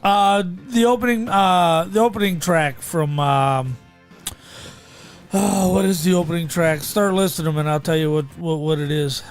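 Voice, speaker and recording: A man's voice: on the high side, moderate pace, clean tone, faint music behind. A man co-hosting a casual podcast, joking and teasing in a laid-back way. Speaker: podcast co-host.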